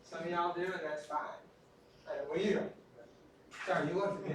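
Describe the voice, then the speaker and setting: A man's voice: on the high side, fairly even intonation, a little fast, a crowd in the background. Echoey lecturing man, heard from afar. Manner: chatty, joking asides. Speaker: anatomy instructor. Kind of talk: classroom lecture. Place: large echoey classroom. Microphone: recorded from a distance. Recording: echoey classroom from far off.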